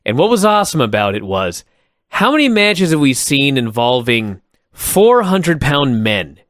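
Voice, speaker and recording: A man's voice: medium pitch, sing-song, a little slow, a bit bright, no room sound, studio quality. A middle-aged man co-hosting a wrestling podcast, talking with emphatic enthusiasm. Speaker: podcast co-host. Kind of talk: casual wrestling review chat.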